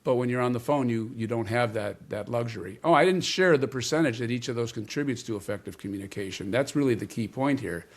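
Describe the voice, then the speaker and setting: A man as an interview guest, explaining communication ideas in a measured way and stressing key words. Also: medium pitch. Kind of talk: interview conversation.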